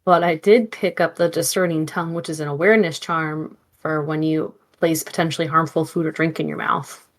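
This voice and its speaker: A woman's voice: low voice, steady tone, fairly quick. A woman playing in a tabletop game, explaining rules in a matter-of-fact, casual way. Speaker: player.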